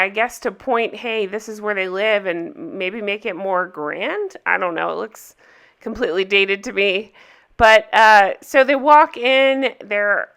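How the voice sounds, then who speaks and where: A woman hosting a casual recap, chatting in a gossipy, opinionated way with quick asides. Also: medium pitch, creaky, fairly bright tone. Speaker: recap host.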